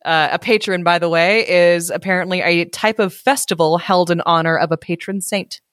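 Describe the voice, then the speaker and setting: A woman co-hosting a podcast reads an old folk tale aloud, giggling and stopping for asides, in casual chat. Her voice sits on the low side with fairly even intonation, a moderate pace and a slightly bright tone, recorded at studio quality with no room sound.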